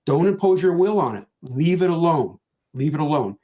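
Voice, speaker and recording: Earnest older man, a touch high. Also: sing-song, moderate pace, highs cut off. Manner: earnest, repeats key points for emphasis. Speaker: panelist. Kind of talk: virtual conference panel talk. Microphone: video call.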